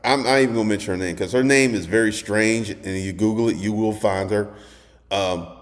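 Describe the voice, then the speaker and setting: A man telling a crude personal story in a casual monologue, animated and acting out quotes as he goes. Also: on the low side, a little fast, long reverb tail. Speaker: host.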